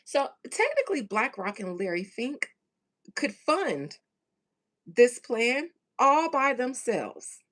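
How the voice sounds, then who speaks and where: A woman's voice: a little high, sing-song, fairly bright tone. A woman host giving a casual commentary rant to her viewers, sarcastic and slangy, leaning hard on key words. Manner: emphatic, sarcastic, drawn-out stresses on key words; loose slangy speech with mild profanity. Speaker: channel host.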